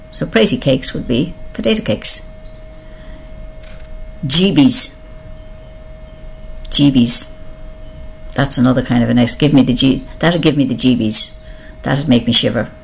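An older speaker with an Irish accent reads out a list of words one by one, slowly musing on each meaning and often admitting they are unsure. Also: medium pitch, gravelly, slight background noise. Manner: slow, musing, reads each word aloud, then explains it or admits not knowing. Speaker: reader of a word list. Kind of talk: reading and explaining a word list.

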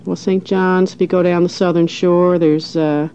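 A middle-aged woman from St. John's, Newfoundland, with a townie accent, talking in a relaxed, easygoing way in a recorded interview with frequent pauses. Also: lowish voice, a little hiss or hum. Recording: dull lo-fi recording.

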